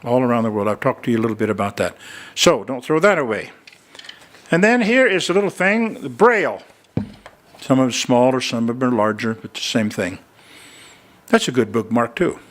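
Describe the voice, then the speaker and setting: A man's voice: medium pitch, animated, a little fast, pauses often, fairly bright tone. An older man preaching a sermon in a church, telling folksy stories and chatting with the congregation as he makes a fundraising appeal. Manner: folksy storytelling, chatty asides.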